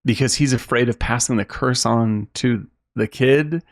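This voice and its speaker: A man co-hosting a podcast in a casual film discussion, animated and acting out quotes in a raised voice. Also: mid-range voice, moderate pace. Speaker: podcast co-host.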